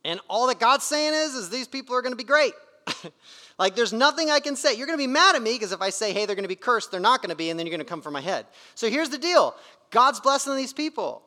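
A man's voice: very high-pitched, sing-song, quick pace, sharp tone, big-room sound, pitched above the performer's own voice, full character voice. A man voicing an old-time prophet who talks in a casual, apologetic way. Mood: pleading. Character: hesitant male prophet explaining himself.

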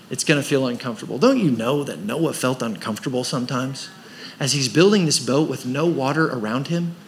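A man's voice: medium pitch, fairly bright tone, slight background noise. A man preaching a sermon as pastor of a church, pressing his points with rhetorical questions and rising emphasis. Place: church service.

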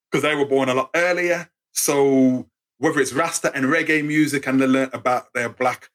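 An English man in his fifties with an English accent, telling stories in an interview in an animated way and acting out the voices he quotes. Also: medium pitch. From England. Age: 50s. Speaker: guest storyteller. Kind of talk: interview storytelling.

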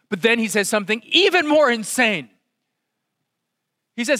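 A man preaching a sermon, swinging from loud exclamations to hushed, intense asides. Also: very high-pitched, sing-song, unhurried, long pauses, no room sound, studio quality. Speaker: pastor.

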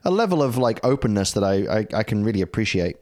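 A man's voice: lowish voice, sing-song, fast, a little mellow, no room sound. A British man co-hosting a casual podcast chat, joking and reading quotes aloud. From Britain. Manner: jokey, laughing, reads quotes aloud. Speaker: podcast co-host.

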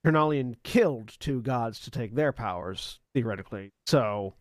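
Man, dungeon master, casual tabletop narration, lots of ums and uhs, dry close sound, mid-pitched. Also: lively intonation, dry recording. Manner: casual, halting with many fillers.

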